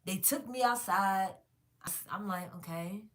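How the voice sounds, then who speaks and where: A woman talks straight to her viewers, frank and profane. Her pitch sits in the middle of the range. She carries a casual storytelling flow. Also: a little slow, a bit bright. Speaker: vlogger telling a story.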